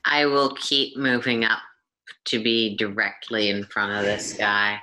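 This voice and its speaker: A woman's voice: very deep voice, little pitch movement, measured pace, bright, forceful tone, a little hiss or hum. A woman playing a tabletop game, casual and wry in her talk. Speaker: player.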